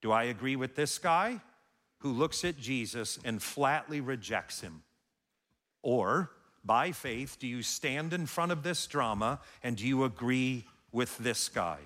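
A man's voice: mid-range voice, expressive, unhurried, fairly bright tone. A man preaching a sermon as pastor, telling the story dramatically and acting out the scene. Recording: long hall reverb.

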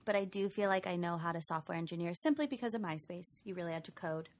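A woman's voice: fairly low pitch, fast. Bubbly American woman co-host. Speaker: podcast co-host. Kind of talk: casual chat.

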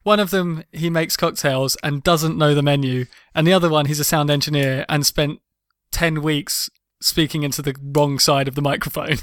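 Guy hosting a tabletop game podcast, kinda high voice, joking around, dry close mic. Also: fairly even intonation, fairly bright tone, clear, resonant tone, no echo. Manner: laughing, joking, rapid banter. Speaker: game master and podcast host. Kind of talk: casual chat before a tabletop game.

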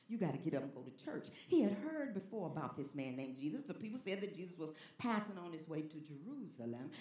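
A pastor preaching a sermon with call-and-response, dropping to a hush and then rising to a shout. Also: medium pitch, reverberant.

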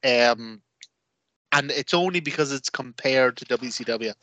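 A man co-hosting a podcast, telling rambling, animated stories in casual chat with lots of fillers. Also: mid-range voice, unhurried, no echo. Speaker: podcast co-host.

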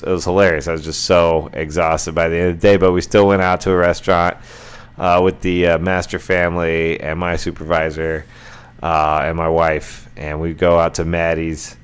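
A man's voice: low-pitched, clean tone. A middle-aged man hosting a casual solo podcast, rambling along with lots of fillers and restarts. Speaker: podcast host.

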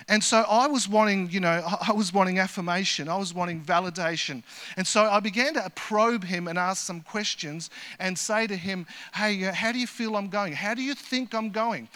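A man in his fifties preaching a sermon at a church, moving between loud rallying calls to the congregation and quiet, personal storytelling. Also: high-pitched. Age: 50s. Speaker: guest preacher.

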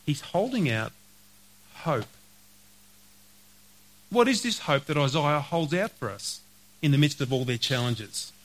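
A man preaching a sermon, earnest, slowing to read scripture and repeating key phrases. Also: fairly high pitch, big pitch swings, low-quality recording. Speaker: pastor.

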